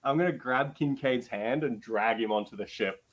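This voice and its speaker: A man playing in a tabletop game, excitable and quick to laugh. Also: medium pitch, lo-fi sound. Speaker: player.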